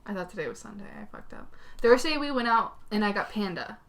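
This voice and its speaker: Bright-voiced woman telling a story. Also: medium pitch, fast talker. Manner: animated storytelling, swears freely, laughs often. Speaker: podcast co-host. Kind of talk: casual chat.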